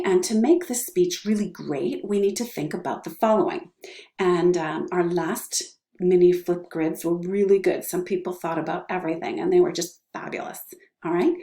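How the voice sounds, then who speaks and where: A woman's voice: lowish voice, dark tone, reverberant. A middle-aged woman teaching drama, upbeat and encouraging, who checks in with her students often. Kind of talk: online class lesson with vocal warm-ups.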